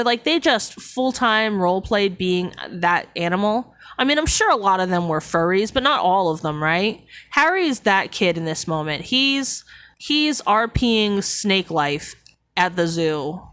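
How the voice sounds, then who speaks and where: A woman's voice: mid-range voice, a bit bright, dry recording. A woman streamer reading a novel aloud to her chat and breaking off into sarcastic, chatty asides that ramble and restart. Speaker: streamer hosting a book club.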